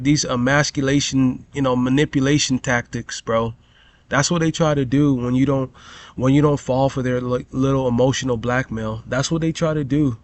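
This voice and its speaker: A young man telling a profane, rambling story as a vlogger rant, full of "bro" and "you know". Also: medium pitch.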